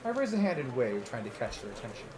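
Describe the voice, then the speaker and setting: Lively male streamer reading aloud. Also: medium pitch, fast talker. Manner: joking, lively narration. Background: game music.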